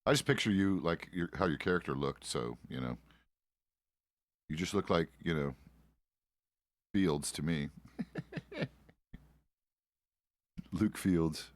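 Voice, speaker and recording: A man's voice: low-pitched, expressive, slow, long pauses, no room sound, studio quality. A middle-aged man chatting casually while role-playing a frontier deputy, rambling and swearing with many restarts. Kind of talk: casual role-play chat.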